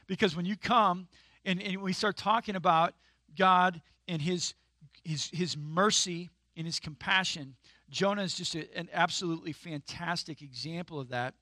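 A man preaching in a conversational sermon style that breaks into sudden emphatic bursts. His voice is bright and a little higher than most men's. The sound is dry and close, with no room echo. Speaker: pastor.

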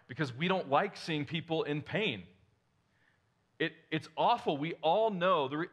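A man's voice: a little high, fairly bright tone. Man, pastor, sermon, conversational, rhetorical questions, self-correcting.

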